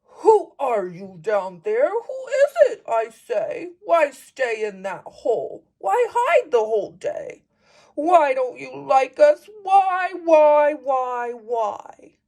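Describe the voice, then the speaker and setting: A woman's voice: high-pitched, sing-song, slow, mellow, pitched above the performer's own voice, full character voice. A woman voicing a friendly, eager bear who calls to a hidden friend and pleads with it to come out. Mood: pleading. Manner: pleading, repeating questions.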